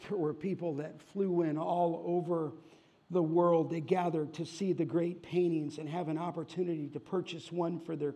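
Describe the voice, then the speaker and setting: A man preaching a sermon, telling a story slowly and rising in volume for its dramatic moments. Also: husky. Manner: tells a story slowly, rising loud and high for shouted voices. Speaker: pastor.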